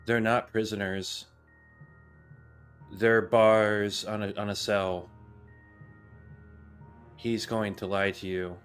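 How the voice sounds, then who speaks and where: A man voicing a male mentor who speaks in a vision, with a gentle, apologetic warning tone. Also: lowish voice, little pitch movement, slow pace, pauses often, smooth, faint music behind. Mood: ominous.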